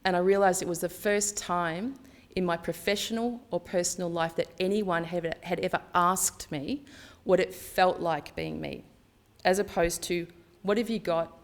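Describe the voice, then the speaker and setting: A woman's voice: lowish voice, fairly even intonation, normal speed. A woman giving a candid conference talk, chatty and acting out dialogue as she tells personal stories. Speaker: conference speaker. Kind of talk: personal storytelling presentation.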